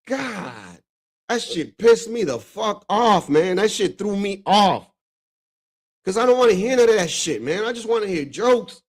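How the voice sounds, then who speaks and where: Excitable, swearing man host. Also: high voice, unhurried. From Dominican Republic. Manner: profane, excitable, laughs often. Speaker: streamer host reacting to clips. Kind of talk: casual reaction chat.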